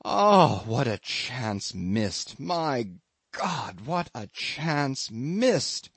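A man reading the part of a troubled young sailor in an audiobook, speaking slowly and haltingly in a low voice. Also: no echo. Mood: anguished. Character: troubled young male sailor, brooding and ashamed.

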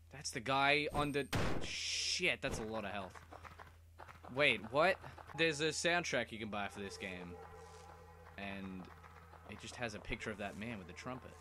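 A man's voice: medium pitch, big pitch swings, measured pace, pauses often, noisy background. A young man giving casual, rambling gameplay commentary full of swearing and mumbled asides. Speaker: let's play gamer. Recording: game music loud behind voice. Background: game music.

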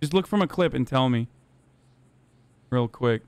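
A man streaming a game live, profane and excitable, talking to his chat and to other players. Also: mid-range voice, measured pace, clean tone, no room sound.

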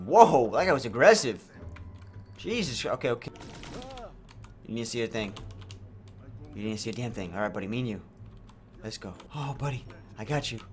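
Animated young man, swearing gamer. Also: medium pitch. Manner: loud swearing outbursts and joking asides. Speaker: gaming YouTuber. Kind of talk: comedic gameplay commentary.

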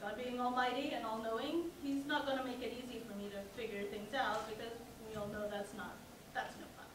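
A young woman with a fairly high, evenly intoned voice speaks a little fast as she gives a personal talk at a campus event in a lecture hall. She's a student, humorous and sarcastic, poking fun at herself. She isn't using the mic, so the recording is distant, noisy, and very echoey.

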